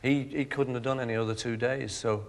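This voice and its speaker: A man's voice: medium pitch, fairly even intonation, a little fast, vocal fry. A man guesting on a television chat show, chatting in a jokey, casual way. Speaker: guest musician. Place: television studio. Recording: studio reverb.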